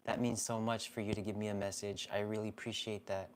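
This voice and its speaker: A card reader hosting a live stream, talking in a soft, gentle and heartfelt way about spirit and guidance. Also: medium pitch, level tone, fast talker, slight background noise.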